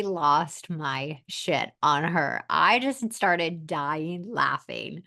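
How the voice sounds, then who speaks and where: Woman, podcast host, blunt, emphatic, slightly low voice. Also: animated, drawn-out words, creaky, few pauses, bright, forceful tone. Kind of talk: solo podcast monologue.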